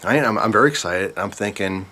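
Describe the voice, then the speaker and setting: Speaking briskly at a fairly low pitch, a man vlogging rambles through a story in an animated, casual way. Plenty of side comments go straight to the people watching.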